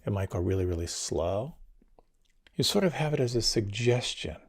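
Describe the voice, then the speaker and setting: A man giving a talk as a meditation teacher, leading a guided meditation in a gentle, unhurried, soft-spoken way. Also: mid-range voice, animated, breathy edge.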